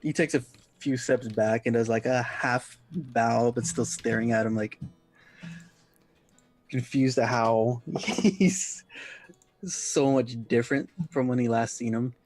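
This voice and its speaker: A man's voice: medium pitch, fairly even intonation, slow pace, a little mellow. A man playing a tabletop game, casually describing his character's actions and laughing often. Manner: giggly, casual. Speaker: player.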